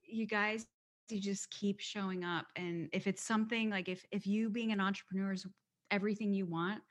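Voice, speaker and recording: A woman's voice: mid-range voice, steady tone, moderate pace. A woman in her forties, a podcast guest, talking bluntly and emphatically in a casual interview. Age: 40s.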